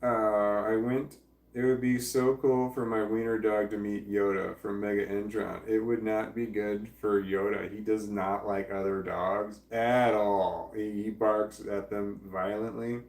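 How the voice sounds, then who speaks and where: A man's voice: fairly low pitch, level tone, measured pace, darkish tone, reverberant, distant mic. A man chatting casually on a livestream, reading viewer comments aloud, rambling and swearing freely with frequent laughs. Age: adult parent.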